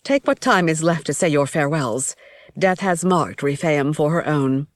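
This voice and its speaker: A woman voicing a gracious female high priestess of death in an audiobook, measured and formal. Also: lively intonation, dry recording. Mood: gentle. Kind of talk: audiobook character voice.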